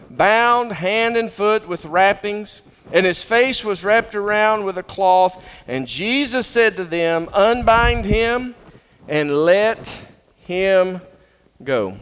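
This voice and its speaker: A man preaching a sermon as pastor, swinging between loud proclamation and hushed intensity. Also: high voice. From Southern US. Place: church sanctuary. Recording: long reverb of a church hall.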